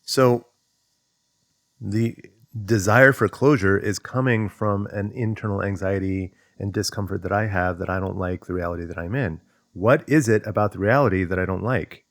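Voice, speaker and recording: A man's voice: on the low side, moderate pace, no echo. A man speaking in a thoughtful, conversational way as he teaches self-development, working through questions aloud. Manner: acts out inner voices in quotes. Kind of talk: reflective explanatory monologue.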